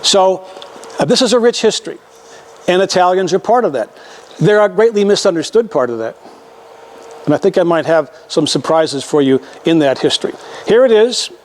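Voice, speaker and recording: An older man gives a folksy history lecture, his voice sitting a little high for a man. He talks conversationally and often repeats or restarts his words as he works through his slides. A faint hum of room noise runs underneath. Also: expressive, normal speed, a little mellow.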